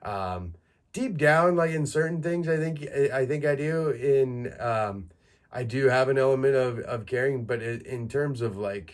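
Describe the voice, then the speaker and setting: A man in his thirties from Canada, a podcast host telling crude, self-mocking stories in a casual monologue and laughing through them. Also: lowish voice. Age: 30s.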